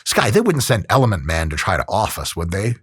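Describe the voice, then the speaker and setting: Deep, husky and a little fast, the exercise scientist's voice comes through on a dry recording. He hosts a fitness commentary with animated, profane humor, explaining training and delivering a comic ad read.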